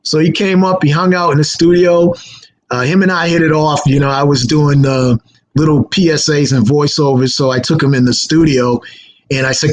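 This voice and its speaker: A man telling stories in a relaxed chat, with a slightly high voice. He is animated and drops into acted quotes. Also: moderate pace, poor audio. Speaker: radio guest. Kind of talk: casual storytelling.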